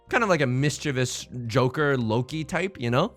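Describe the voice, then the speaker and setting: Excitable man commenting on his game. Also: medium pitch, moderate pace, soft background music. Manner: excitable, joking, meme-heavy banter. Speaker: let's play host. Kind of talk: live gameplay commentary.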